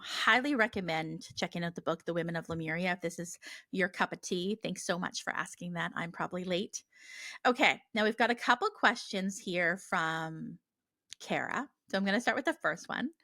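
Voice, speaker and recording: A woman's voice: medium pitch, sharp tone, no echo, clean studio sound. A woman in her thirties hosting a casual podcast Q&A, talking earnestly and rambling with many fillers and restarts. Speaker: podcast host. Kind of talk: casual listener Q&A.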